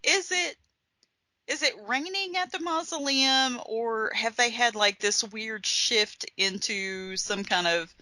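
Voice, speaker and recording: A woman's voice: fairly high pitch, takes it slowly, sharp tone, dry recording. A woman co-hosting a podcast, chatting casually about a horror movie, laughing often and swearing freely. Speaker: podcast co-host. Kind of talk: casual movie-review chat.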